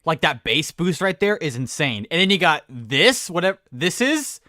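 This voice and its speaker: Brief: male streamer, animated reaction chatter, bouncy pitch, dry recording. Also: moderate pace, no room sound. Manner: excitable, rambling, with many restarts. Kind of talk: casual livestream reaction.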